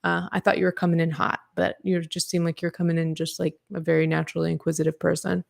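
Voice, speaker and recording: A woman hosts a podcast livestream and talks straight to her chat. She rambles casually, full of fillers and restarts, and speaks frankly, even swearing at times. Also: lowish voice, fast talker, creaky. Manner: talks to live chat readers. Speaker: podcast host.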